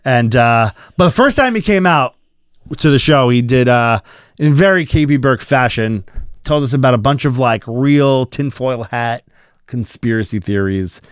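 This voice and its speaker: Animated male podcast host. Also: medium pitch, moderate pace, smooth, no echo, clean studio sound. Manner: animated and joking, laughs often. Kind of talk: casual podcast chat.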